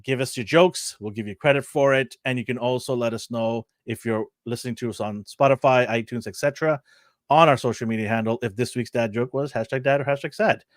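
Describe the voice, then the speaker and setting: A man hosting a casual podcast, energetic and jokey, often laughing and whooping. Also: medium pitch, a little fast, no room sound, studio quality. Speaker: podcast host.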